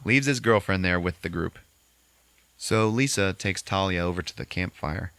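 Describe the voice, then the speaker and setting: A man hosting a podcast, recapping a movie in a casual, profane, animated way and acting out the characters. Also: sits low, moderate pace, smooth, no echo. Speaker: podcast host.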